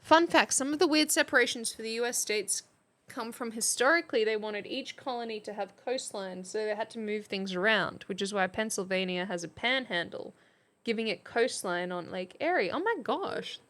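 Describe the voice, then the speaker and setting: A woman's voice: medium pitch, moderate pace, fairly bright tone. An Australian woman streamer giving a casual history lesson, chatty and playful and often laughing.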